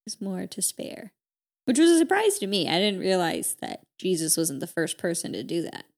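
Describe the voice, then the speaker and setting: A woman co-hosting a podcast, casually retelling a story with lots of "like" and quick character voices. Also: on the low side, sing-song. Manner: chatty, peppered with "like", voices characters in quotes. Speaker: podcast co-host.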